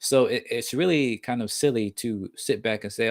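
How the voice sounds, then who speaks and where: A man's voice: fairly low pitch, normal speed, hardly any pauses, dry recording, studio quality. A man reading a book aloud on his podcast, who often breaks off to riff casually with fillers and tag questions, and who stumbles and restarts on hard words.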